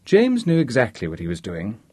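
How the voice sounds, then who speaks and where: A male narrator reads a novel aloud with an animated, expressive delivery. His voice has a husky grain. The recording is dry and close. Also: mid-range voice, brisk, dry recording. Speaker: audiobook narrator.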